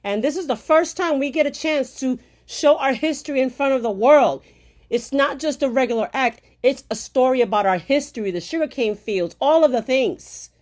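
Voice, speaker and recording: A Puerto Rican woman commentator rants angrily to camera at normal speed. Heated and profane, she fires off rhetorical questions tagged with "okay?", veering from loud outbursts to low, bitter murmurs.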